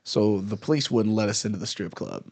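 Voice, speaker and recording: A man's voice: fairly low pitch, fairly quick, no echo. A man, a comedian, telling a story in casual chat and acting out the angry people in it. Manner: animated storyteller, acts out angry cops loudly. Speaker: comedian guest.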